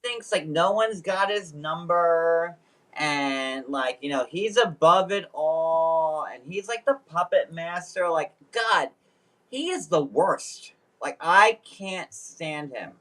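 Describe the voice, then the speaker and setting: Host, male, chatty and jokey recap, lively intonation. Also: on the high side. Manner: jokey, animated, quick apologies and silly exclamations. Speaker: show host. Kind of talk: casual recap chat.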